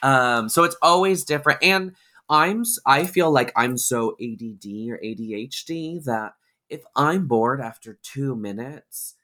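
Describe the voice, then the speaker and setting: A man's voice: mid-range voice, expressive, a little slow, bright, forceful tone. A man from Washington State, a drag performer appearing as a podcast guest, chatting casually in a rambling, self-deprecating way. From Washington State, USA. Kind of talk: casual chat.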